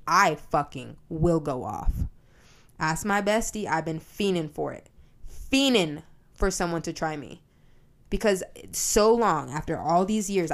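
A young woman talks straight into her podcast mic in a loose, unscripted monologue. She swears freely and speaks bluntly, and her delivery is animated. Her voice sits a little low for a woman. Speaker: podcast host. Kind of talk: casual monologue.

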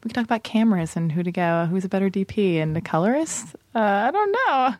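A woman's voice: medium pitch, lively intonation, fast, darkish tone, no room sound. A woman hosting a casual interview, teasing her guest with rambling, playful questions. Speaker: host.

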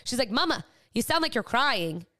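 A woman's voice: a little high, moderate pace. A woman in her thirties co-hosting a casual chat podcast, telling stories with lots of fillers. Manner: chatty, animated storytelling with many fillers. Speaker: podcast co-host.

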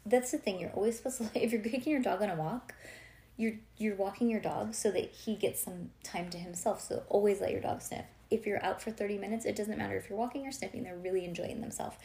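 A woman's voice: mid-range voice, quick pace, mellow, reverberant. A woman reading a children's chapter book aloud to a child, breaking off for casual chatty asides. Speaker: reader to a child.

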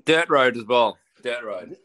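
A man casually telling a wild travel story, animated and swearing a lot, laughing as he goes. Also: mid-range voice, a little slow.

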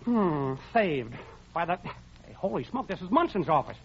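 A man's voice: high voice, very animated, unhurried, gravelly, full character voice. An actor playing a bumbling man posing as a German spy, giggling and wisecracking in a mock German accent in 1940s radio comedy. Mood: panicky. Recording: dull hissy old radio recording.

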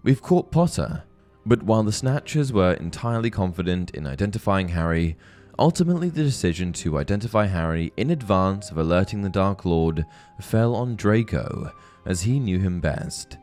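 A man with a deep, low voice narrates a scripted book-theory video in a measured way. His delivery rises and falls with lively emphasis, over faint background music. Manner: clear, measured storytelling with expressive emphasis. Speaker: host of a book-theory channel.

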